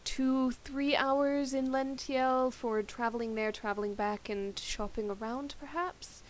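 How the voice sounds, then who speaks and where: A woman's voice: high-pitched, steady tone, measured pace, slight background noise, rough recording. A woman player organizing the party's plans in casual chat, thinking aloud as she goes. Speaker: tabletop game player. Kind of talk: casual out-of-game planning chat.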